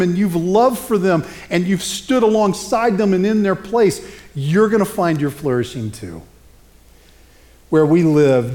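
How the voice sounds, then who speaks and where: A middle-aged male pastor preaching a sermon, telling stories in an animated, conversational way. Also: sits high.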